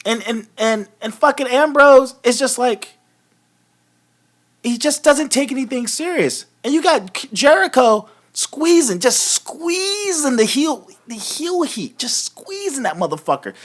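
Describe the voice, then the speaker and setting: A man's voice: very high-pitched, big pitch swings, unhurried. A man hosting a live wrestling recap, ranting casually and profanely, often laughing. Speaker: host of a wrestling recap show.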